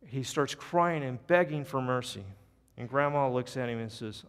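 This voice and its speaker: A man's voice: mid-range voice, moderate pace, smooth. A male pastor telling a story in his sermon and leading an altar call in a church. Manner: storytelling, earnest, drops soft at invitation. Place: church sanctuary. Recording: long church reverb, faint music.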